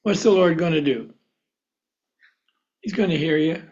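Slow, high-voiced man teaching Scripture. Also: a little mellow. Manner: questioning the group, chuckling often. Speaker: Bible study teacher. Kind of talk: teaching a Bible lesson. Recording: dull lo-fi recording.

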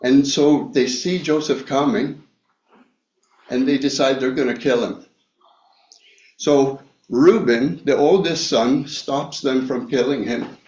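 Man preaching a bible study, real slow, lots of ums, dull echoey recording. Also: mid-range voice, darkish tone. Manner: slow, halting, many fillers and restarts. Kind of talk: Bible teaching sermon. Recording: echoey room, dull lo-fi sound.

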